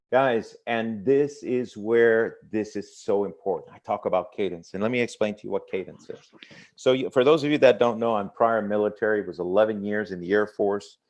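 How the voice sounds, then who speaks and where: A man's voice: lowish voice, lo-fi sound. A man presenting a motivational business training, talking straight to his audience and repeating key phrases. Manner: energetic, repetitive, addresses audience directly. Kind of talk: motivational sales training talk.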